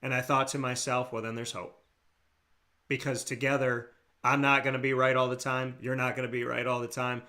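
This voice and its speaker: A man's voice: medium pitch, level tone, normal speed, bright, forceful tone. An American man hosting a talk show, speaking with earnest passion and repeating his key phrases for emphasis. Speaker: radio show host. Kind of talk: heartfelt talk show monologue.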